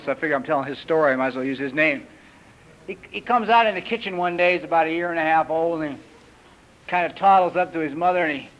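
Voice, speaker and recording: A man in his fifties, a recovery meeting speaker, gives a personal talk full of lively storytelling and acted-out characters, on an old 1980s tape recording. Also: sits high. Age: 50s. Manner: lively storyteller who acts out characters in raised voices. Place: retreat meeting hall. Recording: dull lo-fi 1980s tape recording with faint hiss.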